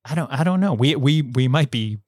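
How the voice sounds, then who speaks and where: An American man guesting on an interview show, talking in animated bursts with frequent stammers and restarts. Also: mid-range voice, brisk, dry recording, clean studio sound. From United States. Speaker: guest author. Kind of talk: casual interview chat.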